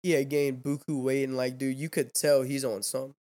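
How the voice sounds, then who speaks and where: Young dude on a podcast, rambly and cussing, says dude and like nonstop. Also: male voice, medium pitch, flat delivery, a little fast, darkish tone. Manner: rambling, profane, fillers "dude" and "like". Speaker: podcast host. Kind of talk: casual chat.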